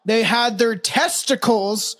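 A man's voice: very high-pitched, fairly bright tone. A man co-hosting a podcast, telling a grisly story in crude, casual talk full of swearing. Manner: crude, swears often, quick and laughing. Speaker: podcast co-host.

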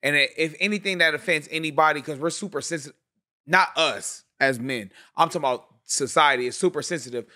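A man's voice: a little high, brisk. A man co-hosting a casual barbershop-style podcast, telling stories with emphatic slang. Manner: animated, emphatic storytelling with slang. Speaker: podcast co-host.

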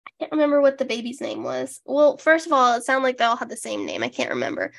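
Gravelly young woman, sarcastic podcast co-host. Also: sits high, sing-song, fast. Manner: wry, sarcastic, swears casually. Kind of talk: casual chat.

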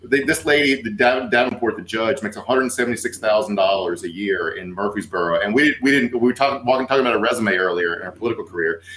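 A man with a medium pitch who talks quickly and excitedly, swearing as he reacts. His voice sounds roomy and echoey. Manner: fast, excitable, swears freely. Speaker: podcast host. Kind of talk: podcast discussion.

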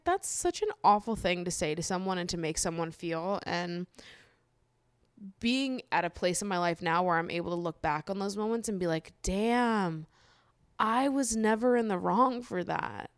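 A woman's voice: lowish voice, smooth, no echo, clean studio sound. A woman in her twenties speaking her mind about feelings in a candid, heated solo monologue, filling her talk with "like" and swearing freely. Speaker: podcast host. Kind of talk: personal monologue.

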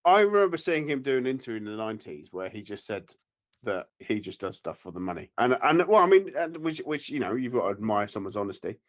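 A man's voice: mid-range voice, sing-song, quick pace. Teasing, rambling male podcast co-host. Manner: rambling, teasing, laughs a lot. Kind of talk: casual podcast chat.

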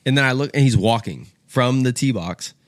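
A man's voice: mid-range voice, normal speed, dry recording, studio quality. A young man telling a story in casual podcast chat, swearing freely and acting out the people he quotes. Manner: animated, swears freely, acts out quoted voices. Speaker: podcast guest.

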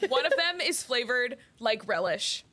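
Bright, bubbly woman player. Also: on the high side, sing-song, a little slow. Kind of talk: playing a tabletop game.

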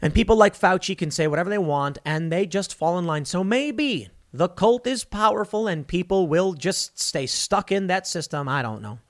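A man in his thirties delivers opinionated online commentary at a rapid clip. His voice sits a little high for a man, and his tone is combative and sardonic throughout. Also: lively intonation. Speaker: political commentary host.

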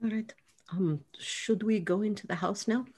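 A woman's voice: mid-range voice, moderate pace, dark tone. A woman playing in a tabletop role-playing game who eagerly suggests plans. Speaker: player.

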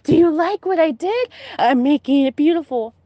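Woman doing a high sing-song unhinged aunt, childlike, shrill, dry close sound. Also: expressive, normal speed, dry recording, lo-fi sound. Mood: eerily sweet.

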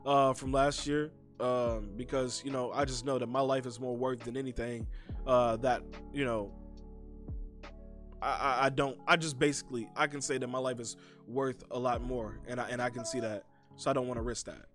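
A man in an easygoing podcast chat with friends, his voice at an ordinary middle pitch. He drifts along unhurried, circling back with "you know" and "uh", and swears casually. Soft music sits faintly in the background. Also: steady tone. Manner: laid-back, rambling with many fillers, swears freely. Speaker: podcast co-host.

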